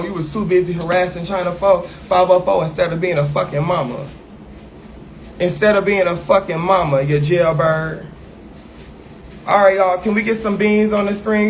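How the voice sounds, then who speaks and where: A man's voice: high voice, a little hiss or hum. A man ranting brashly on a livestream, profane and sassy as he fires back at a critic.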